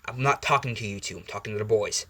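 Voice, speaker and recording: A man voicing a gruff, exasperated middle-aged father who grumbles and threatens, while retelling a story. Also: fairly low pitch, fast talker, bright, forceful tone.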